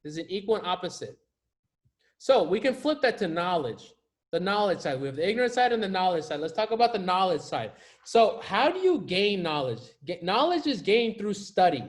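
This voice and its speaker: A life coach with a high voice and big pitch swings speaks briskly to camera in a casual motivational talk. He's emphatic and slangy, often repeating his key phrases for effect.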